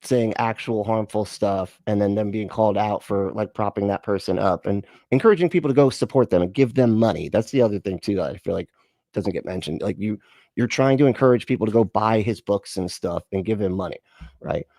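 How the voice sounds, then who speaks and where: A man's voice: lowish voice, brisk, warm tone, dry recording, studio quality. A man hosting a casual reaction stream, rambling and profane, laughing often.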